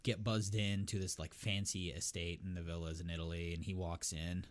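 A man's voice: low voice, flat delivery, normal speed. A man co-hosting a casual podcast, telling a film's plot in a rambling, profane way. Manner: rambling storytelling, profane, laughing at own jokes. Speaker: podcast co-host. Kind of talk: casual chat.

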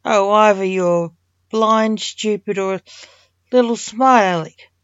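A woman's voice: mid-range voice, slow, darkish tone, no echo, close to an everyday voice. A woman voicing an impatient male Grim Reaper who huffs and snaps in exasperation, in a dull lo-fi recording. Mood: exasperated. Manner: huffy, exasperated.

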